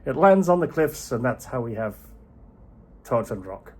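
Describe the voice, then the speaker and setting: A man's voice: medium pitch, moderate pace, a little hiss or hum. A man telling a folk tale casually and with animation, chuckling and poking fun at himself. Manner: animated, chuckling, self-deprecating. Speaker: storyteller.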